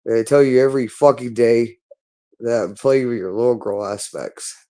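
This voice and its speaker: A man with a mid-pitched voice delivers an angry monologue, circling back to the same harsh phrases over and over. He sounds berating and hostile throughout, swearing constantly as he goes. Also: steady tone, moderate pace, mellow. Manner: hostile, repetitive and profane, berating.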